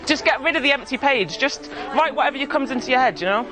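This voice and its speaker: A man leading a poetry workshop for pupils, talking in a playful, excitable way. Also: very high-pitched, fast. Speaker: poet leading a school workshop. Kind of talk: enthusiastic workshop talk. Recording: music and crowd behind voice.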